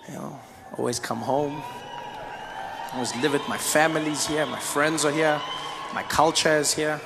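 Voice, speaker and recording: A man from South Africa with a South African accent, telling stories in animated stand-up comedy, recorded live with a noisy crowd. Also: a little high, normal speed. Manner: animated storytelling.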